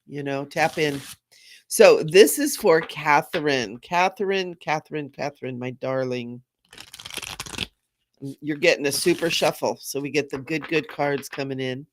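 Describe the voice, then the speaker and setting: A woman's voice: low-pitched, measured pace, a little hiss or hum. A middle-aged woman hosting a spiritual live stream, bubbly and gushing, laughing often as she talks to viewers. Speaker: spiritual medium and livestream host.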